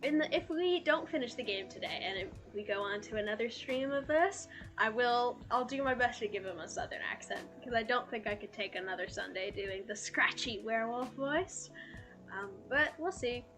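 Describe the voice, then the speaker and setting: A woman's voice: a little high, animated, normal speed, fairly bright tone. A woman streamer chatting casually and joking about herself while reading a game aloud, with game music playing behind. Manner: chatty, self-mocking, giggly.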